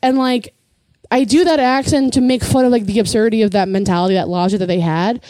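Young female comic, loose chatty delivery full of "like", warm and mellow, close and dry. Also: fairly high pitch, fast, no room sound. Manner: chatty, laughs often, lots of "like". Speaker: comedian. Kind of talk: casual podcast chat.

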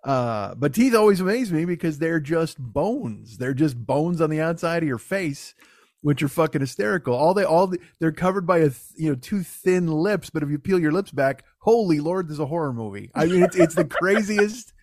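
A man hosting a comedy podcast, riffing in a rambling, profanity-heavy, animated way. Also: on the high side, moderate pace, dry recording, studio quality. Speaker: podcast host.

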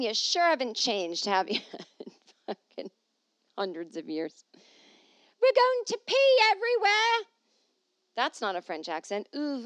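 A woman's voice: fairly low pitch, no echo. Wry, chatty woman talking solo. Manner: wry, chatty, jokey asides while reading. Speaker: podcast host. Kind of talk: casual solo podcast chat, reading an article aloud. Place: at home.

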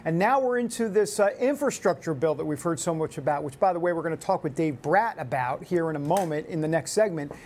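A man's voice: fairly high pitch, expressive, fast, hardly any pauses, a little mellow, a little hiss or hum. A man hosting a talk show, giving casual political commentary in a rambling way. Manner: rambling, with many restarts and fillers.

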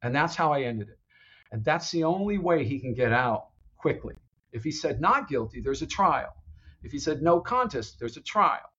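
A man telling his own screenplay with loose, animated energy, breaking into laughs and playing out bits of dialogue. He talks like he is chatting with a friend. The recording sounds slightly dull and lo-fi. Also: on the high side, moderate pace, husky. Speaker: screenwriter pitching a story. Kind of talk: casual storytelling chat.

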